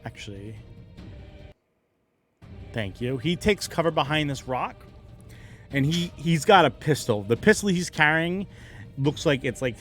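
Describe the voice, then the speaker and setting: A man narrates a tabletop battle as game master, lively and quick to add sound effects. His voice sits at a middle pitch, with faint music in the background.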